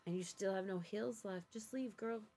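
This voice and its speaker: A woman's voice: mid-range voice, normal speed, warm tone, soft background music. A woman co-streaming, giggling and coaching the player through a fight. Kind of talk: casual gameplay chat.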